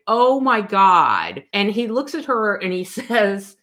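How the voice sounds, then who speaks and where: A woman's voice: medium pitch, very animated, slow, hardly any pauses, a bit bright. A woman co-hosting a casual book discussion, reading passages aloud and laughing often. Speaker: book podcast co-host.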